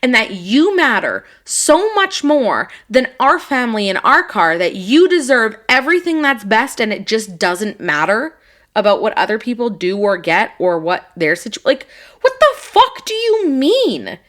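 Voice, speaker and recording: A woman's voice: mid-range voice, sing-song, moderate pace, a bit bright. A woman co-hosting a podcast, telling a story in a casual chat, swearing freely and acting out a heated exchange. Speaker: podcast co-host.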